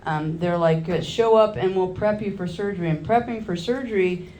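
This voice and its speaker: A woman's voice: on the low side, normal speed, warm tone, roomy sound, a little hiss or hum. A woman in her forties doing a crude stand-up comedy set, telling loose stories and working the crowd from a club stage.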